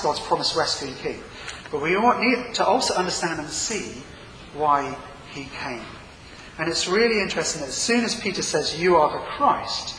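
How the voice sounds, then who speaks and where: A man's voice: a little high, slight background noise. A middle-aged man preaching a sermon in a church hall, telling the story with energy and acting out quotes. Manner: lively, animated storytelling with acted-out quotes. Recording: echoey hall with long reverb.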